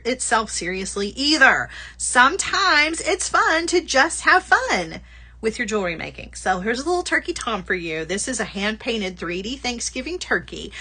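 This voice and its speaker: A woman's voice: on the high side, pushed and bright. A woman hosting a casual livestream product showcase, chatty and bubbly, laughing often and gushing over small items. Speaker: host.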